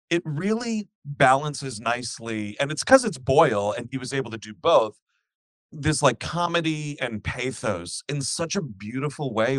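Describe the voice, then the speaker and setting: Animated rambling man, dry sound. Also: medium pitch, dry recording. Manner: rambling, animated, acts out scenes while retelling. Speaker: podcast co-host. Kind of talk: casual chat.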